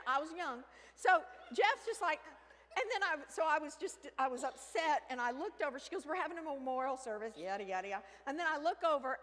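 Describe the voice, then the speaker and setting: A woman telling a comic story on stage, animated, with sudden shrieks and hushed asides. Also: high-pitched. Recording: reverberant hall with faint ambience.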